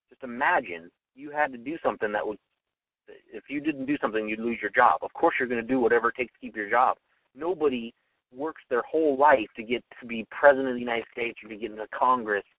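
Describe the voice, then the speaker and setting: A man's voice: medium pitch, dry recording, far from the mic. A young man giving an opinionated solo monologue as a radio host, arguing his point and acting out quoted voices. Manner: argumentative, acts out quoted voices. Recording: tinny phone-line sound from off-mic.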